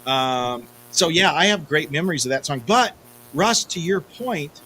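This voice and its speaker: A man's voice: fairly high pitch, animated, measured pace, sharp tone, slight background noise, low-quality recording. Chatty middle-aged male podcast host. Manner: chatty storyteller, self-deprecating. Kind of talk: casual chat.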